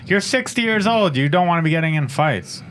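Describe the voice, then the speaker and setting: Male host, expressive pitch, casual and supportive, faint background hiss. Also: brisk. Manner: supportive, joking interjections. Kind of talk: casual chat. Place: studio.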